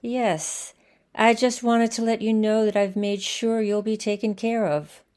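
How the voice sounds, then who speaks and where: A woman voicing a kind, soft-spoken alien of unclear gender, in a gentle, soothing way. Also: fairly high pitch, steady tone, measured pace, pitched above the performer's own voice, close to an everyday voice.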